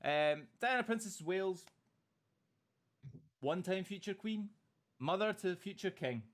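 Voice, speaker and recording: Scottish man, podcast host, slightly high voice, casual chat, dramatic storytelling. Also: lively intonation, unhurried. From Scotland. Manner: jokey, swears, theatrical speechmaking.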